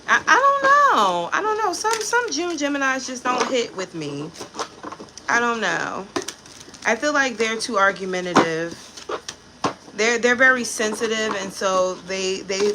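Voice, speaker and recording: A woman's voice: mid-range voice, noisy background. A woman giving a casual tarot reading to camera, blunt and profane, with chatty asides about people she has met. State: pregnant. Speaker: tarot reader.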